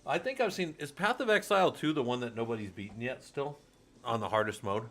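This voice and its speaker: A middle-aged man chats loosely on a livestream, drifting from thought to thought in an easygoing, rambling way. He swears freely, and his voice sits at an ordinary mid pitch. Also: lively intonation, brisk, fairly bright tone. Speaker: streamer. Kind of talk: casual livestream chat.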